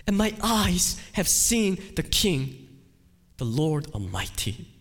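A man voicing an ancient male prophet who cries out in anguish, pleading in high, slow cries. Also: animated, full character voice. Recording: long hall reverb.

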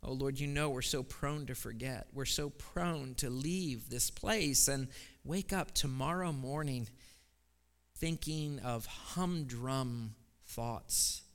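A man, a pastor, preaching a sermon with scripture reading and prayer, building to loud, emphatic repeated phrases in a church. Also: mid-range voice, slow pace. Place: church sanctuary. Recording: long reverb of a large hall.

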